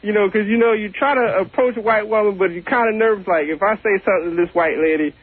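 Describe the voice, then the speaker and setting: High-voiced laid-back man on the phone. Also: fast, slightly rough, no room sound. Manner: laid-back, plain-spoken, slangy. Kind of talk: casual radio chat. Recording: tinny phone line.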